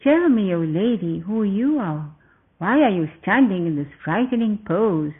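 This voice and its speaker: A man's voice: high voice, moderate pace, breathy edge. A man voicing a humble, polite male monkey god in a storybook reading, over a tinny phone-like recording.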